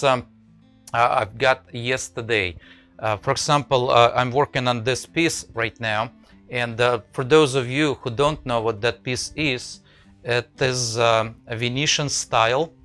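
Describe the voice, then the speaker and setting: A man's voice: mid-range voice, fairly bright tone, low-quality recording. A man hosting a live woodcarving stream, chatting to viewers with many fillers and restarts. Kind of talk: casual live-stream chat.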